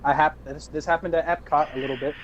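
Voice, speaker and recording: A man's voice: a little high, fairly even intonation, fast, muffled recording, a little hiss or hum. A young man, a podcast co-host, telling a rambling party story in casual chat with restarts and laughs.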